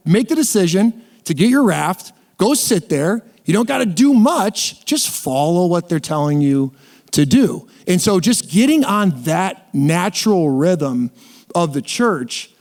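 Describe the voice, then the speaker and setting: Male guest with a slightly high voice, sharing his faith story in a loose, rambling way, with quick bursts and frequent restarts. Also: big pitch swings, a little mellow. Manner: often speeds up in bursts. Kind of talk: casual faith testimony.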